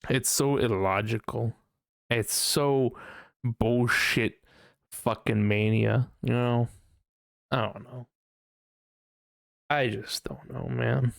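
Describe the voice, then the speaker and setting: Male podcast host, gravelly voice, dry close sound, loose, profane, rambling solo chat. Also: medium pitch, fairly even intonation, slow, long pauses, no room sound. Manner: rambling, profane, unsure musing. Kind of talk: casual solo podcast monologue.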